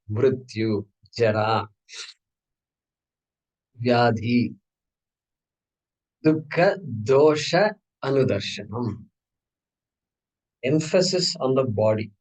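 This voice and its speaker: A man's voice: medium pitch, darkish tone, rough recording. A man teaching a scripture class in a conversational way, asking his students questions. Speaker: Vedanta teacher.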